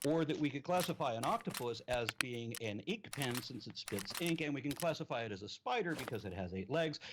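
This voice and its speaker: A man's voice: medium pitch, expressive, a little fast, background noise. A man in a debate, explaining technical points and pressing his opponent with repeated questions. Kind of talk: debate argument.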